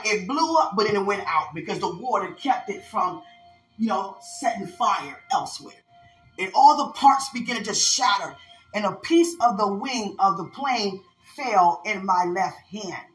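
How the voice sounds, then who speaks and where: A woman's voice: medium pitch, animated, a little slow, reverberant, soft background music. A woman preaching a prophetic sermon, calling out to her listeners as she tells of a vision. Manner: fervent preaching, call-outs to listeners.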